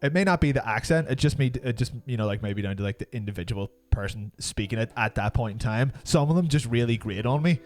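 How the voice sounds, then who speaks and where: A man's voice: mid-range voice, expressive, fast talker, hardly any pauses, a little mellow, soft background music. A young man with a Northern Irish accent, co-hosting a casual streamed chat with crude, joking banter. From Northern Ireland. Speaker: podcast co-host.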